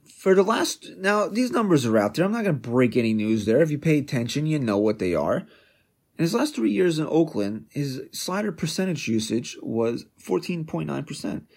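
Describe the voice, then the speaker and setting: Man, sports podcast host, fairly high voice, combative and sarcastic in his opinion rant. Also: big pitch swings, moderate pace, creaky, a little mellow. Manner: combative and sarcastic, jabbing questions.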